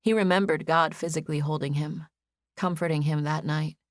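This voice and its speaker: A woman narrating a romance audiobook in an even, measured storytelling manner on a close studio mic. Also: low-pitched, dry recording. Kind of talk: scripted narration.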